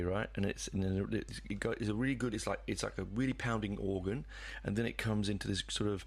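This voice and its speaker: A man's voice: sits low, fairly even intonation, moderate pace. A man hosting a podcast, talking through an album in a rambling, hesitant way with lots of fillers and the odd casual swear word. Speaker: podcast host. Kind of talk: casual music review monologue.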